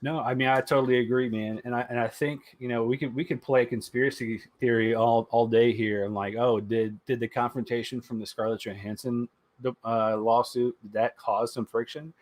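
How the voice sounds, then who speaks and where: Male podcast host, casual and animated, average pitch, loves mocking put-on voices. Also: normal speed, no room sound. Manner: animated, swears freely and jumps into high mocking voices for bits. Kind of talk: casual chat.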